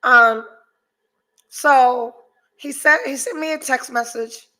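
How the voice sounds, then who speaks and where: A woman hosts a podcast, telling a profanity-laden story and reading viewer comments from the live chat in a casual way. Her voice is high-pitched, bright and forceful, and she takes her time.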